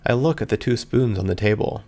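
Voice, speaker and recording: A man with a gravelly voice reading a first-person story aloud in an earnest, emotional way. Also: fairly low pitch, brisk, mellow. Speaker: reader. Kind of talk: scripted fan fiction narration.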